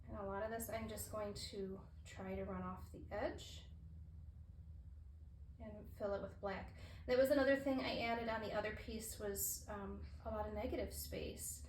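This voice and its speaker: A woman's voice: a little high, a little mellow. A woman demonstrating fluid art, chatting casually and thinking aloud as she works, with apologetic asides. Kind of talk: casual painting tutorial. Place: roomy art studio. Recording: echoey room with faint ambient hiss.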